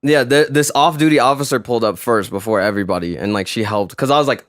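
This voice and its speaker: A man co-hosting a podcast, telling a story in casual chat and acting out the people in it loudly. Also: medium pitch, fast talker, no room sound, studio quality. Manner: animated storyteller, acts out quotes loudly. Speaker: podcast co-host.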